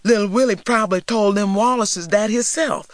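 A man's voice: sits high, moderate pace, no room sound, studio quality, pitched above the performer's own voice, close to an everyday voice. A man voicing a cocky, shifty young boy. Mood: wheedling. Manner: wheedling, defensive, rural Southern dialect. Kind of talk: storybook reading.

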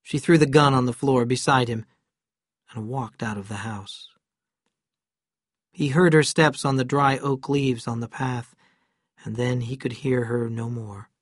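A man narrates a story in a calm, measured way, taking his time. His voice is slightly husky and mid-pitched, and the recording is dry and close. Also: no room sound. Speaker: audiobook narrator. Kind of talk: scripted narration.

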